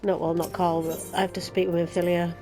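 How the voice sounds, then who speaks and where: A woman's voice: on the low side, flat delivery, quick pace, music in the background. A Yorkshire woman hosting a let's play, chatting sarcastically and ranting about the story. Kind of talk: casual game commentary.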